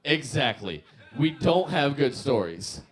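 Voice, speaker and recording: A man's voice: medium pitch, sing-song, takes it slowly. A man in his mid-twenties doing profane stand-up comedy and working the crowd.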